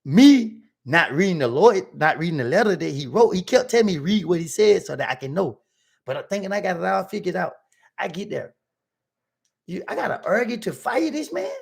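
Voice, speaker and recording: Storyteller: man, gravelly and a bit high, casual street talk, acts out every voice in his story for a livestream. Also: brisk. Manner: animated, acting out both sides of arguments in his story; slangy street vernacular. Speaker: livestream host telling a story.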